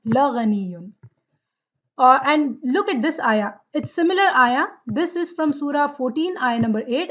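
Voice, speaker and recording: A woman's voice: sits high, fairly bright tone. A woman teaching a Quranic Arabic grammar lesson, explaining step by step and checking in with her students. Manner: explains step by step, asks questions. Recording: dull lo-fi sound.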